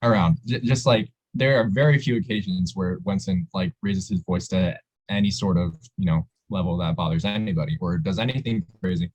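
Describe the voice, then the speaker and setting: A man's voice: low-pitched, brisk, darkish tone. A young man in his twenties chatting casually on a podcast, rambling and hesitant, with many fillers. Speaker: podcast co-host. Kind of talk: casual chat. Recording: dull lo-fi mic.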